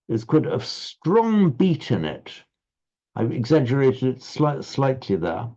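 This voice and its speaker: A man leads an online recitation class, explaining syllable rhythm patiently and stumbling into little restarts. His voice sits at a medium pitch. It comes through a slightly dull, lo-fi video call line. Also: sing-song, slow pace, warm tone. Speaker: Sanskrit recitation teacher.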